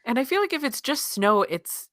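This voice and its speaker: A woman's voice: sits high, very animated, moderate pace, fairly bright tone, dry recording, clean studio sound. A woman in her thirties co-hosting a podcast, chatting casually and telling stories with frequent laughter. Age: 30s. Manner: chatty storyteller, laughs often. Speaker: podcast co-host. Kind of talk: casual chat.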